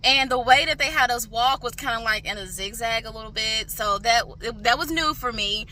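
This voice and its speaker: Young woman vlogger, bright and a bit high, chatty and direct with viewers, casting for a beauty channel. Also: moderate pace. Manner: chatty, filler-heavy, addresses viewers directly. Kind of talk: casual vlog chat. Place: parked car.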